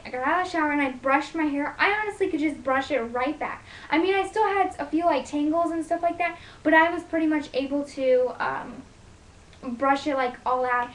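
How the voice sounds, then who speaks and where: A young woman vlogger giving a casual hair tutorial, rambling and emphatic, with lots of fillers. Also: high voice. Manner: loud, emphatic delivery. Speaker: beauty vlogger. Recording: echoey room.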